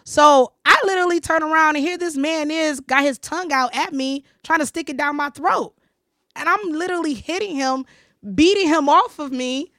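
A high-voiced woman hosting a casual podcast chat. She tells a personal story in a lively way and acts out the lines of others. The sound is dry and close. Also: normal speed, dry recording. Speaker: podcast host.

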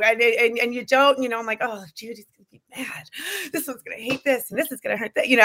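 A woman guest from TV production, chatting casually in an interview and acting out her own thoughts as she tells stories. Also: medium pitch. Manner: animated storyteller, acts out her own thoughts.

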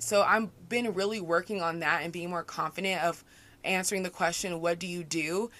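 A woman's voice: fairly low pitch, steady tone, moderate pace, a bit bright. A young woman hosting a casual solo podcast, talking chattily and reflectively with lots of "like" and "you know". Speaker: podcast host.

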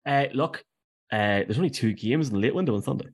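A man's voice: mid-range voice, expressive. A man hosting a casual sports podcast, upbeat and running the segments. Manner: rapid and upbeat, runs segments. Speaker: podcast host.

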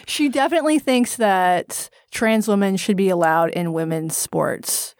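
A woman's voice: mid-range voice, measured pace, a little mellow, no echo, clean studio sound. A woman co-hosting a podcast in casual chat, blunt and sardonic, often laughing. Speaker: podcast co-host.

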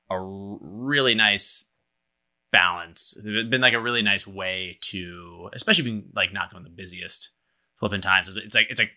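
A man's voice: fairly low pitch, sharp tone. A man co-hosting a podcast, chatting casually with rambling, joking sentences. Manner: rambling, full of fillers and restarts, joking. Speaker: podcast co-host. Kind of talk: casual chat.

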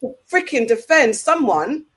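A woman's voice: high voice, big pitch swings, unhurried, fairly bright tone, husky. A woman with a London accent, co-hosting a casual podcast and ranting heatedly, repeating herself for emphasis. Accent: London English. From England. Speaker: podcast co-host.

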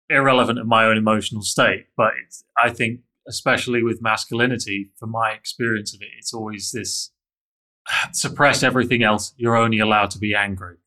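A man's voice: on the low side, sharp tone. A man telling a candid, self-critical personal story in an interview, with frequent restarts.

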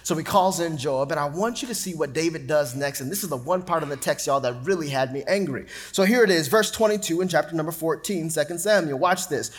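A man's voice: fairly high pitch, brisk, few pauses. A man preaching a sermon, reading scripture dramatically. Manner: animated, dramatic Bible reading. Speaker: pastor.

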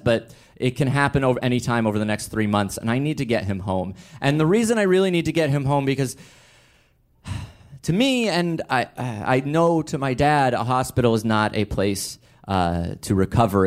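A male storyteller telling a personal story in a wry, self-deprecating way, halting and restarting as he goes. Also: mid-range voice.

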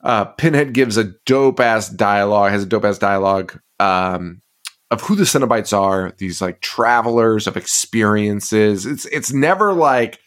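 Speaking low, a little slowly and with a slightly bright tone, this man co-hosts a podcast. He rambles through film recaps in casual conversation, laughing and cursing along the way.

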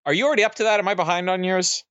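A man co-hosting a podcast, talking enthusiastically over a film with quick bursts of laughter. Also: high-pitched, fairly bright tone, dry recording, lo-fi sound. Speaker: podcast co-host. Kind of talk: casual movie commentary.

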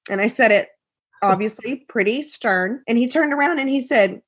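A woman, a podcast guest telling an emotional personal story, animated and quoting people in a raised voice. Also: on the high side, normal speed, breathy edge.

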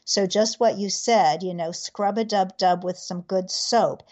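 A woman's voice: mid-range voice, a little slow, a little mellow. Upbeat woman host, slightly muffled. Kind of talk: interview talk. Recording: slightly dull lo-fi sound.

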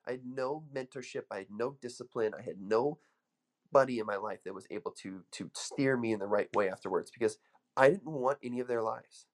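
A man's voice: mid-range voice, a little fast. A man coaching an audience with an emphatic, storytelling motivational speech, full of restarts. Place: room with an audience.

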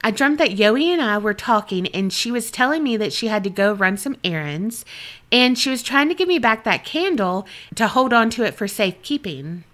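A woman's voice: a little high, expressive, normal speed, a bit bright. A woman co-hosting a podcast, chatting candidly and reading out listener stories, swearing freely and laughing often. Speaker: podcast co-host.

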